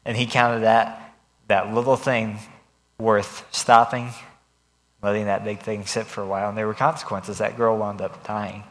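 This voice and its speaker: A man's voice: fairly low pitch, little pitch movement, normal speed, a bit bright. Young guy giving a sermon, talks super casual, voice rings out in a big echoey hall. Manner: conversational, retells scenes in casual speech. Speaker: preacher. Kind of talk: sermon with scripture reading. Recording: long reverb of a hall.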